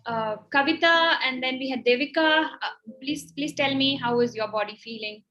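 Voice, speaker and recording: A woman's voice: sits high, normal speed, pushed and bright, highs cut off, slight background noise. A woman with an Indian English accent leading an online workshop, guiding a tapping and breathing exercise in an encouraging, instructive way. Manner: encouraging, instructive, laughs easily. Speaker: workshop facilitator.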